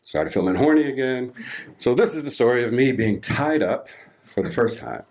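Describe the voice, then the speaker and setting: A man's voice: mid-range voice, expressive, moderate pace, very noisy. A man in his forties from Washington, D.C., telling a candid, self-mocking story live on a theatre stage. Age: 40s. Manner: candid, self-mocking, laughing through the tale.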